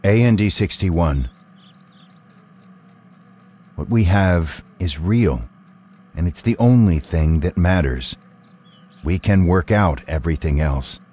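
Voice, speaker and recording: A man's voice: low-pitched, lively intonation, slow pace, pauses often, dark tone, slightly rough, exaggerated voice. An actor playing a male robot with a new human-sounding voice, talking earnestly and in carefully worded sentences.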